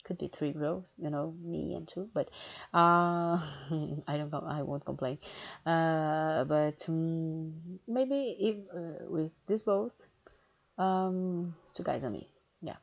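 A woman's voice: deep voice, slow pace, vocal fry. A woman in a casual question-and-answer chat, candid and hesitant, with many fillers. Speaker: erotic audio creator. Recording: dull lo-fi recording.

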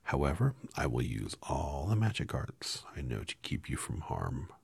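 A man with a low, husky, gravelly voice reading aloud and voicing a gentle little old woman who is a kind witch, speaking softly and solemnly, at times in a whisper. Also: sing-song, normal speed, no room sound, exaggerated voice. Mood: kindly.

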